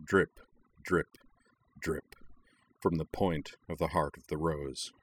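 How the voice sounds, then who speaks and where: A man narrating a story aloud in a steady, dramatic reading. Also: a bass voice, slow pace, husky. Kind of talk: audiobook reading of fan fiction.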